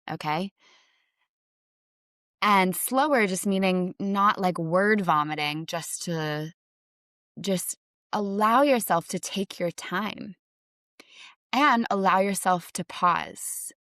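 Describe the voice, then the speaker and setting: A woman confidence coach talking in a chatty, relaxed way, with lots of casual fillers, in an advice vlog. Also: lowish voice, no echo, clean studio sound.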